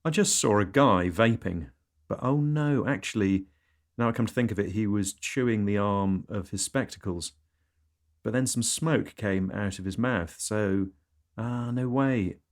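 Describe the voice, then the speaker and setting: A comedy host speaks in a lowish, deadpan voice through absurd monologues. He breaks the flat delivery with sudden squeals. The tone stays dry and matter-of-fact. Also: normal speed.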